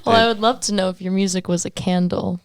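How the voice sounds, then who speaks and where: A woman hosting a podcast interview in a relaxed, amused way, with short reactions. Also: mid-range voice, quick pace, crowd noise. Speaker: podcast host. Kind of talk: casual interview.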